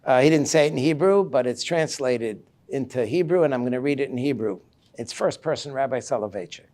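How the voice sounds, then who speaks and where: A male rabbi giving an animated sermon lecture, reading passages in Hebrew and explaining them in English. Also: mid-range voice, brisk.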